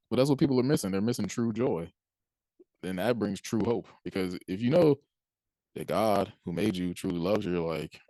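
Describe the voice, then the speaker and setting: On a dry recording, a Christian speaker talks about faith in a relaxed, conversational way, his lowish voice warm and animated at a moderate pace. He frequently chuckles and plays out people's reactions between points.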